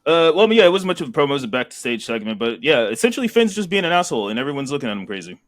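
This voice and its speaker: A man chatting casually on a wrestling podcast, rambling as he retells what happened. He laughs often and slips into animated retellings of what others said. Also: mid-range voice, racing. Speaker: podcast co-host. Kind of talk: casual wrestling recap chat.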